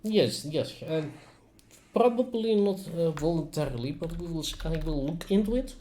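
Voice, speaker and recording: A man voicing a gruff male ship doctor in a put-on Russian accent, muttering and hesitant as he works. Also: fairly high pitch, animated, normal speed, mellow, roomy sound, lightly acted. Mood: brisk. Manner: hesitant, muttering while working.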